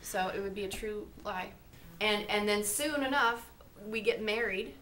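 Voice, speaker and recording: A woman's voice: mid-range voice, unhurried, fairly bright tone, a little hiss or hum. A woman in a comedy sketch therapy group, rambling and eager to help.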